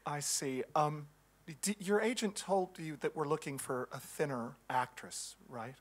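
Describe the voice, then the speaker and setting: A man's voice: fairly high pitch, a little slow, slightly rough. A man playing a dismissive casting judge in a comic sketch, talking in clipped, brusque bits with hesitations.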